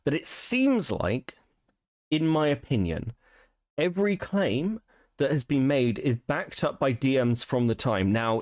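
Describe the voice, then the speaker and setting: A man's voice: medium pitch, dry recording, clean studio sound. A young British man hosting a stream, talking bluntly and rambling with plenty of swearing. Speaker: streamer host. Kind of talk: casual stream commentary.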